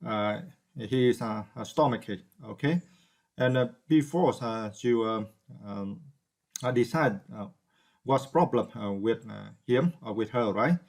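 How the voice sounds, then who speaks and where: A man's voice: medium pitch, a little slow, gravelly, a little mellow. A man whose first language is Vietnamese, teaching English vocabulary off the cuff, with many hesitations and repeated checks like "right?". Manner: hesitant, many fillers and restarts; asks "right?" to check understanding. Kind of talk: unscripted vocabulary lesson.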